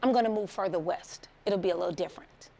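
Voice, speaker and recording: A woman's voice: fairly low pitch, fast, creaky. A middle-aged woman from the Chicago suburbs, giving a motivational talk as a story and acting out the voices of the people in it. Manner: animated, acts out quoted voices, laughs often. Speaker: motivational speaker.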